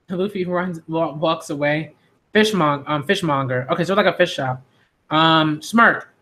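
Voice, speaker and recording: A man reading a manga aloud and commenting on it, acting out the characters in quick voices and laughing often. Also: on the high side, pushed and bright. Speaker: manga reviewer.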